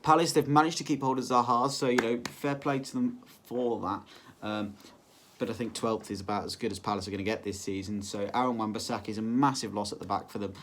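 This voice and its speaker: A man's voice: on the low side, steady tone, fast talker, fairly bright tone, slight background noise. A man giving casual football predictions, rambling with lots of ums and self-corrections. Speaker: football vlogger. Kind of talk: casual solo prediction vlog.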